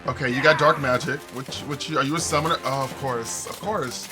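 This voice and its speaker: A man's voice: medium pitch, fairly even intonation, fairly quick. A man streaming a video game, joking and reacting animatedly while he talks to his chat. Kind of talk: casual gameplay commentary. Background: game music.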